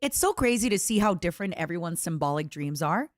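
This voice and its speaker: A young adult woman streaming, chatting casually with her viewers and slipping into squeaky impressions of friends. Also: fast talker, no room sound, clean studio sound. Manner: animated, bursts into high-pitched imitations. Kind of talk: casual chat with chat readers.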